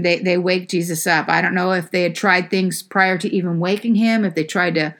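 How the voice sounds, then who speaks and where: Conversational woman preacher, lowish voice. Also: fairly even intonation, normal speed, a bit bright. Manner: conversational, with frequent fillers. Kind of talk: sermon.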